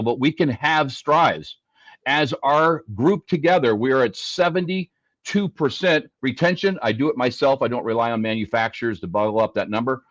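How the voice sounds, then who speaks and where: A man's voice: medium pitch, dry recording. A man speaking as a dealership service leader on a panel. He talks emphatically and repeats his key points. The audio sounds dull and dry, with no room around it. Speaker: dealership fixed ops leader. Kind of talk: panel discussion.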